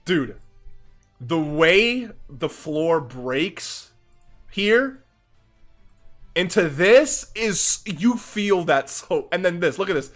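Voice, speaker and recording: A young man giving excited reaction commentary on game animations, gushing and restarting his sentences, calling the viewer dude and bro. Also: high-pitched, drawn-out words, long pauses, faint music behind. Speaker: gaming YouTuber.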